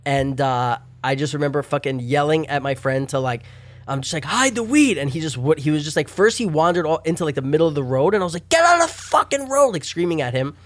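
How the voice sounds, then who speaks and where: A man's voice: fairly high pitch, steady tone, fast, no room sound. Young man swearing through a rambling story. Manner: profane, rambling storytelling with loud acted-out shouts. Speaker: guest telling a story. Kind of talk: casual chat.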